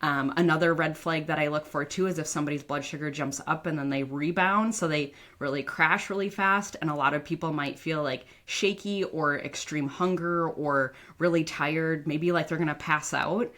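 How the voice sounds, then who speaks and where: A woman's voice: low voice, steady tone, moderate pace, few pauses, fairly bright tone. A woman dietitian and author talking casually as a podcast guest, chatty and full of "like" fillers. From northern United States. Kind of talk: casual interview talk.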